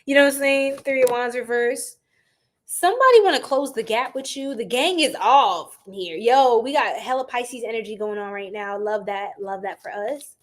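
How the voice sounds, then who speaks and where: A young woman giving a casual live-stream tarot reading, animated and slangy as she chats with her viewers. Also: a little high, moderate pace.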